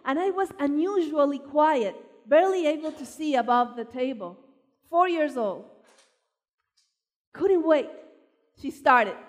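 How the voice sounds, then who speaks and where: A woman from Argentina preaching a sermon, telling personal stories with animated emphasis. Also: sits high. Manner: animated storyteller, voice rising for emphasis. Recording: long hall reverb.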